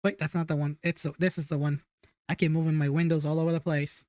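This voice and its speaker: A woman's voice: sits low, level tone, fast talker, a little mellow, dry recording, studio quality. A woman hosting a podcast, chatting casually and giggly as she reacts to clips and reads the chat.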